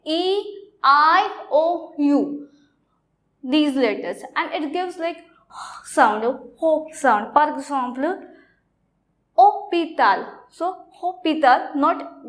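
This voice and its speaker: A woman with an Indian accent giving a French lesson, explaining slowly and repeating her phrases. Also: sits high. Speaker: French teacher. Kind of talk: classroom lecture.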